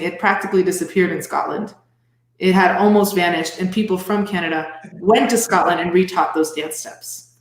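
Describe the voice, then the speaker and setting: Woman guest in an echoey room. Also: fairly low pitch. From French and Spanish roots. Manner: laughs often, explains at length. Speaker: guest fiddler and step dancer. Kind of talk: casual interview chat.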